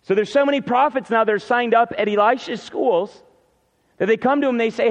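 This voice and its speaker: In a very high voice and at a slightly fast clip, a pastor gives a conversational sermon, dramatizing biblical characters' lines. The recording has a reverberant, muffled hall quality.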